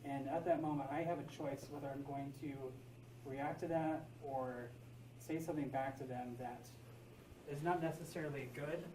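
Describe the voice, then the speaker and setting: A man's voice: a little high, steady tone, normal speed, echoey room, recorded from a distance, noisy background. A man in a class sharing an example, thinking aloud with hesitations. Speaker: student. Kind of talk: classroom discussion.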